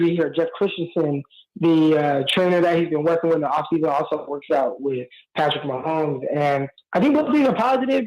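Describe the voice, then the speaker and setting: A man's voice: a little high, a little mellow. Male guest analyst, level and analytical, muffled remote audio. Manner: measured, analytical. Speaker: podcast guest. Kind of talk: sports analysis interview. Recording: dull remote line.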